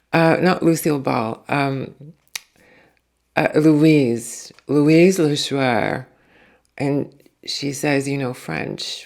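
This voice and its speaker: A woman's voice: a bass voice, creaky, darkish tone. A woman working as a psychic medium, relaying spirit messages in a hesitant, casual way. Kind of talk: casual spiritual channeling talk.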